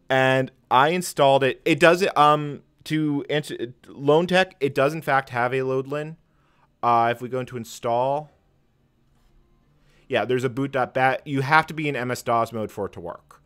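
A man's voice: mid-range voice, fairly bright tone, clear, resonant tone. A man hosting a live tech stream, rambling through commentary with many fillers and self-deprecating chuckles.

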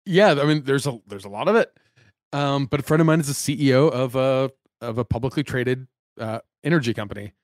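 A man's voice: medium pitch, brisk, no echo, studio quality. A man hosting a podcast, chatting with easygoing, friendly banter. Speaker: podcast host. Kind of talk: casual chat.

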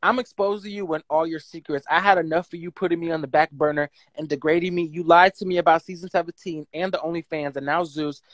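A woman, telling her story on a phone livestream in a blunt, profane, animated way and reading out text messages. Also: low voice, quick pace, hardly any pauses, dry recording.

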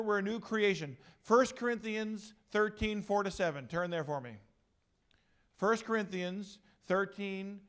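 High-voiced joking pastor. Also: male voice. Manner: energetic, joking with the crowd. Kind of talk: youth gathering talk.

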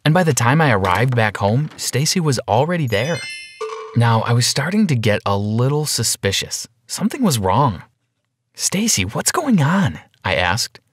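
A man narrating a first-person animated story in an expressive style, slowing down for dramatic reveals. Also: mid-range voice, dry recording.

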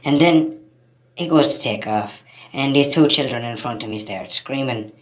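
A man's voice: medium pitch, moderate pace. An Irish man from Ireland ranting to camera as a vlogger, heated and profane, repeating himself and calling his listeners lads.

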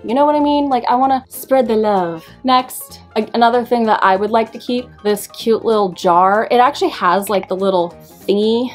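A woman's voice: medium pitch, a little fast, few pauses, faint music behind. A young woman from the West Coast, chatting casually in a haul video, bubbly and rambling with playful asides. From West Coast of the United States. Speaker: thrift haul vlogger and online seller.

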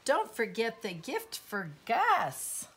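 A woman voicing a bossy little female mouse in a storybook, excited and exclaiming. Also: a little high, takes it slowly, breathy edge, pitched above the performer's own voice, exaggerated voice.

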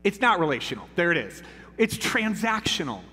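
A man's voice: high-pitched, sing-song, a little fast, sharp tone, in a large hall, a little hiss or hum. A man in his thirties preaching a sermon in a church, talking casually and asking "right?" often. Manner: conversational, repeats "right?" often. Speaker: pastor. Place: church sanctuary.

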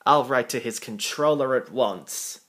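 A man's voice: mid-range voice, a little slow, a bit bright. A man doing a hearty, bustling railway boss.

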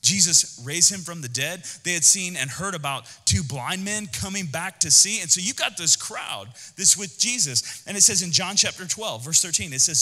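A male pastor giving an energetic, conversational sermon, talking directly to the congregation with quick asides. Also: high-pitched, long reverb tail.

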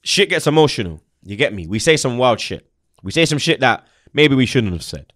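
A young man hosting a casual football chat, animated and slangy, swearing and laughing a lot. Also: medium pitch, a little fast, no room sound, clean studio sound. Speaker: football channel host.

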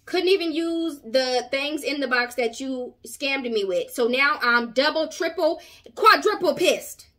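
A woman's voice: sits high, expressive, a little slow, pushed and bright. A woman hosting a commentary channel, giving sassy, outspoken reactions.

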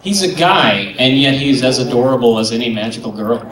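A man's voice: mid-range voice, lively intonation, brisk. A man with a mid-range voice explains his choice in an earnest way. He is heard from a distance in a roomy hall. Crowd noise sits behind him. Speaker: panel contestant. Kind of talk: explaining fan pick.

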